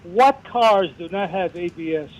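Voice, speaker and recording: Regular radio caller, New man, pitched high, playful quizzer. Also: a little slow, dull audio. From South Bronx, New York. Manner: joking, quizzing the expert. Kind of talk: radio call-in chat.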